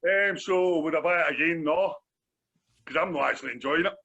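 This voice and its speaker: A Glaswegian man chats loosely through a beer review with his co-host. His voice is gravelly and bright with a husky edge, and he keeps repeating himself. The recording sounds dull and lo-fi. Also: fairly high pitch, fairly quick. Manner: rambling, repeats phrases, says "do you know what I mean". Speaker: podcast co-host. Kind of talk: casual beer review chat.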